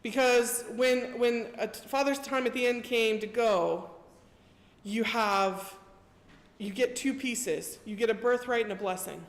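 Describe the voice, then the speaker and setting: A woman's voice: a little high, a little slow. Woman preaching in an echoey church. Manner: retells scripture in a chatty storytelling way. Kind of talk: casual sermon. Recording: echoey church hall reverb.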